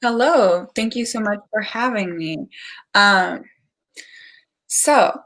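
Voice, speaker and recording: A woman's voice: mid-range voice, slow pace, fairly bright tone. A young woman, a climate organizer, giving an earnest speech at an online rally over a video call and telling a family story. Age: young adult.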